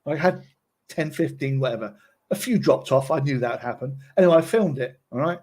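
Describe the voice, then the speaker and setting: Husky, chatty man. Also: medium pitch, a little fast, a little mellow. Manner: chatty, keeps checking in with listeners. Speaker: presenter. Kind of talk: casual tutorial talk.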